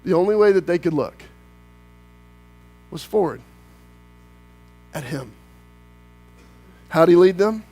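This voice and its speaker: A man preaching a sermon as pastor, swinging from loud, animated outbursts to quiet, hushed lines. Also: high-pitched, takes it slowly, long pauses.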